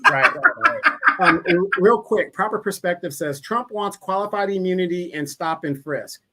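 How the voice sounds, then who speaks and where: Guy hosting a live chat show, bright tone, dry quick questions. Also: high-pitched. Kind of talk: casual live-chat commentary.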